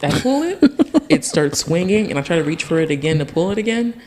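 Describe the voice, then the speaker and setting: A man's voice: a little high, animated, brisk, darkish tone. A young man from Tennessee, the guest on a podcast, tells a story in an easy, chatty way. He laughs often, and his voice leaps up when he acts out what other people said. A faint hum of the room sits behind him. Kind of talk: casual storytelling.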